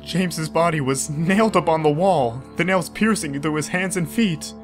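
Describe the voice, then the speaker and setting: A grief-stricken young mother, put on by a male narrator, recounts a nightmare in a shaken, breathless voice. The tone sits somewhat high, and music plays clearly behind the scripted horror story. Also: moderate pace, lightly acted. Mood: frightened. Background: background music.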